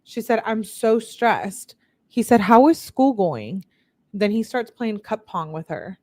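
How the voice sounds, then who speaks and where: A woman's voice: mid-range voice, expressive, takes it slowly, darkish tone. A woman reading text messages aloud, lifting her voice for the quotes and breaking off with blunt, candid asides. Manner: reads quotes in a slightly raised voice, blunt asides. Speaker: true-crime commentator.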